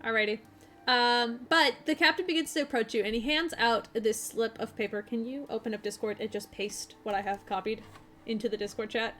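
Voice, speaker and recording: A woman's voice: a little high, fairly even intonation, a little fast, a bit bright, slight background noise. A woman running a tabletop game as game master, narrating in a chatty, hesitant way with many fillers.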